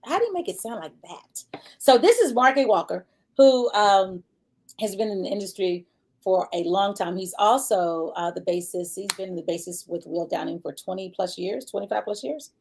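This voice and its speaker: A woman's voice: medium pitch, animated, normal speed, a little mellow. A woman hosting a casual interview show. She is chatty and rambling, with many fillers. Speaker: show host.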